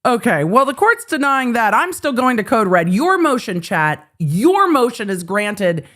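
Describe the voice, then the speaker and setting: A woman hosting a live legal commentary stream, talking casually and profanely with her chat and riffing on courtroom moments. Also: medium pitch. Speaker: legal commentary livestream host.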